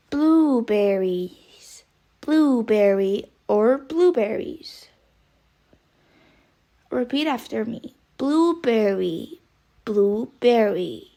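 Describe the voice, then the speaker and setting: A woman's voice: fairly high pitch, expressive, very slow, pauses often, warm tone. A woman teaching English vocabulary, saying each word several times and spelling it out letter by letter. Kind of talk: vocabulary lesson, slow spelling drills.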